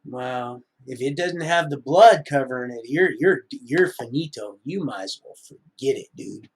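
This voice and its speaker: A man's voice: medium pitch, lively intonation, a little slow, slight background noise. A middle-aged man rambling through a live-stream monologue, often wandering off topic. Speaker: livestreamer.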